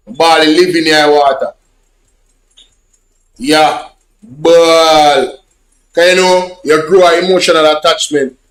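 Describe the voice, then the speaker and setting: A man's voice: on the high side, a bit bright, reverberant. A man with a Jamaican accent, casually telling rambling, repetitive stories in patois to his online viewers. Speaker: social media vlogger. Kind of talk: casual storytelling chat.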